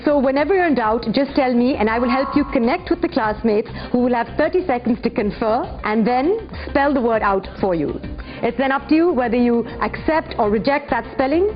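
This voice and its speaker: High-voiced woman hosting a spelling contest. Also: expressive. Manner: clear, measured, encouraging. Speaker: quiz host. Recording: dull lo-fi broadcast audio with faint music.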